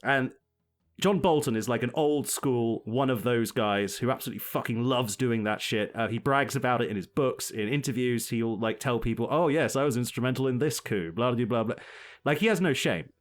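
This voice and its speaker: A man's voice: mid-range voice, normal speed. A man co-hosting a podcast, talking politics in a sweary, sardonic, rambling way. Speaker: podcast co-host. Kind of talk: casual political chat.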